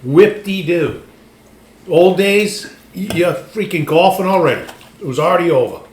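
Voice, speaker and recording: A man's voice: high voice, moderate pace. A man, co-hosting a casual sports podcast, emphatic and ranting, often restarting his sentences. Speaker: podcast co-host. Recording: echoey room with faint ambient noise.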